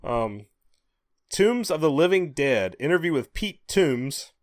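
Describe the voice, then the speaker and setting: A man's voice: on the high side, slow, dry recording, clean studio sound. A man co-hosting a podcast, chatting casually and reading out release listings with offhand asides. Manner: relaxed, reads release lists with asides. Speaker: podcast co-host. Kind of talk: casual chat.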